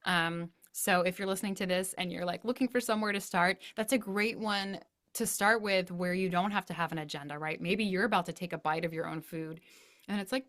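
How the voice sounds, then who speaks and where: A woman who is a parenting educator and a guest, chatting casually, telling lively stories with frequent laughs. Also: mid-range voice, moderate pace. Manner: animated storytelling, laughs often, acts out voices. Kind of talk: casual interview chat.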